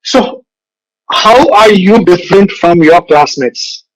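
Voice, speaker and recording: An older man, an advertising veteran giving a motivational speech with unhurried storytelling. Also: high voice, lively intonation, poor audio. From India. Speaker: guest speaker, advertising veteran. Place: virtual event recording.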